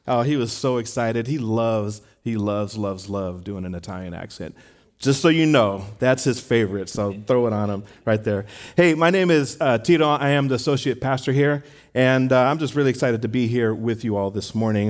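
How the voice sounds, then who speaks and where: Associate pastor giving church announcements. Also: male voice, mid-range voice. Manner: casual, warm-hearted church talk with fillers. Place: church sanctuary.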